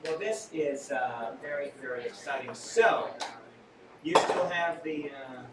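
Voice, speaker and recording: A man's voice: on the high side, unhurried. Playful male mentalist in an echoey room. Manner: playful, theatrical, jokey asides to the crowd. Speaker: mentalist performing on stage. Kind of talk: live stage magic patter with audience. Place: small restaurant venue with live audience. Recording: echoey room, far from mic, audience noise.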